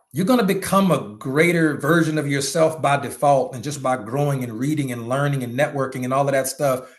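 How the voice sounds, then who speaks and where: A man giving a motivational leadership talk to network marketers, animated and preachy, with slangy asides and sudden shouts. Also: a little high, moderate pace.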